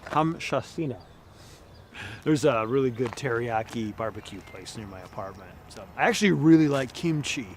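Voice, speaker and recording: A man's voice: mid-range voice, animated, moderate pace, slight background noise, lightly acted. A man acting an awkward, stammering role in a comedy sketch.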